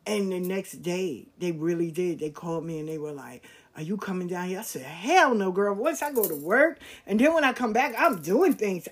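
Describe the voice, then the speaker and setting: A woman telling a personal story in casual, slangy talk, acting out the voices of people she quotes. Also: mid-range voice. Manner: animated, acts out quoted voices, slangy and frank.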